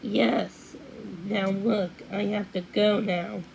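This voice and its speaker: An earnest young fairy prince, read aloud by a woman in a storybook, talking eagerly and a little louder than the narration. The voice sits at a middling pitch with only a light change from the reader's own, and a faint hiss lies under it. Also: fairly even intonation, takes it slowly, vocal fry, low-quality recording.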